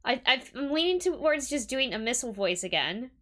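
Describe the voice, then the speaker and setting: A woman streamer chatting to her audience while playing a game. Her voice is bright and somewhat high, and she rambles and giggles between thoughts. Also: big pitch swings, a little fast. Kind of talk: casual game stream chat.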